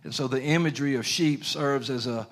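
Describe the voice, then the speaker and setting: An earnest man preaching a Bible lesson. His delivery is conversational and homespun rather than grand, with loose everyday grammar. His pitch sits in a middle range for a man. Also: fairly quick. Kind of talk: sermon.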